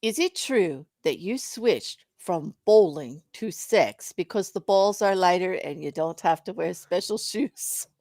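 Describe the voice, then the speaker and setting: A woman's voice: lowish voice, animated, measured pace, hardly any pauses, a little mellow, dry recording, studio quality. A woman with a South African accent, co-hosting a live stream and reading out donor messages with easy laughter. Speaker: co-host reading donations. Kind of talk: casual live-stream chat.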